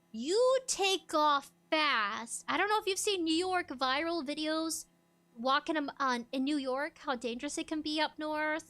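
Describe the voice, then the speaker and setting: High, bright-voiced woman streamer. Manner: laughs often, acts out loud dialogue. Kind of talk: casual chat.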